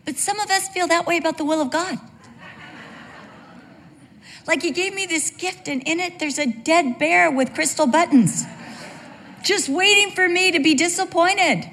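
Older woman preaching in a reverberant hall. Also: sits high. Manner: animated storyteller who acts out quoted voices. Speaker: speaker at a church gathering. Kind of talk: sermon with personal storytelling.

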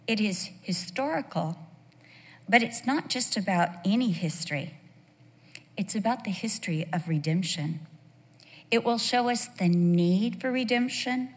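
A woman teaching a Bible sermon to a women's group, conversational and animated, telling stories with rhetorical questions. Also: mid-range voice, in a large hall.

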